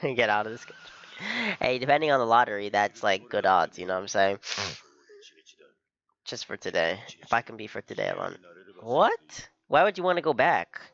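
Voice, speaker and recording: A man's voice: on the low side, expressive, normal speed, creaky, fairly bright tone, lo-fi sound. A young man giving casual reaction commentary on an anime episode, laughing often and calling everyone "bro".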